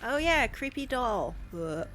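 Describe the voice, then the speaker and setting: Casting: animated, high-voiced woman streamer, casual gameplay chat, faint game music. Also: takes it slowly. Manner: chatty, joking, animated. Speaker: let's play streamer.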